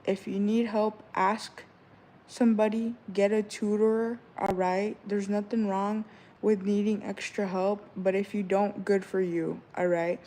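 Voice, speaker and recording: A vlogger in her twenties chats straight to her viewers in a relaxed, loose, rambling way, handing out advice and stories. Her mid-range voice is unhurried, and she keeps looping back with "all right?" and "you know."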